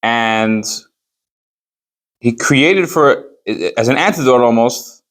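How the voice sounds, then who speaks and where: A rabbi teaching a Chassidus class speaks slowly in a medium-pitched, slightly bright voice. In this Torah study session, he reads a rabbinic text in Hebrew and then explains it in English, using emphatic rhetorical questions.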